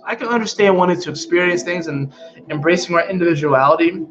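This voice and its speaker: A man talking casually to his viewers about astrology in an animated, emphatic way, often swearing. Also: high-pitched, fast, lo-fi sound. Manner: animated, emphatic, frequently profane. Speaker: astrology vlogger. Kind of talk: casual spiritual chat to viewers.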